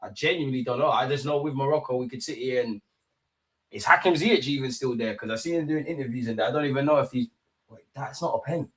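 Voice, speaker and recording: A young man hosts a live football watch-along, at an ordinary pitch for a man. His talk is loose and full of slang, and it jumps into excited bursts. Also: quick pace, breathy edge.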